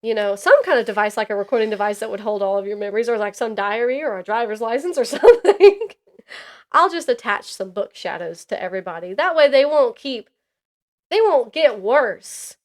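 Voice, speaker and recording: A woman co-hosting a casual book podcast, animated and laughing often as she rants about a book. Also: on the high side, a little fast. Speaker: podcast co-host.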